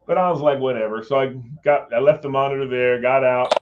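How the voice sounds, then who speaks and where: Against a noisy background on dull lo-fi audio, a man who once staffed on Capitol Hill tells a personal story fairly quickly. His medium-pitched voice stays steady as he rambles casually, swears, and mimics what people said.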